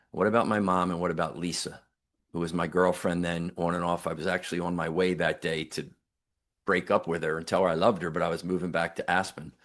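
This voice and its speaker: An older man, a guest on an interview podcast, earnestly retelling a near-death story and voicing the people in it. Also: deep voice. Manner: earnest, reflective, retells dialogue with emphatic quotes.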